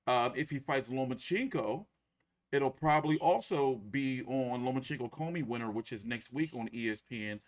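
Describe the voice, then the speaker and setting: A man's voice: medium pitch, moderate pace. A man hosting a boxing podcast, rambling in casual chat. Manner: rambling, many fillers and restarts.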